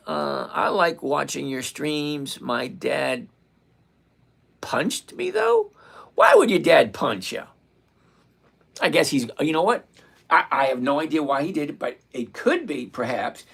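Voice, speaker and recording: Middle-aged male livestream trading host, blunt and plain-spoken, gravelly tone. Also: a little high, fairly bright tone. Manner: blunt, repeats points slowly. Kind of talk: live-streamed trading lesson answering chat.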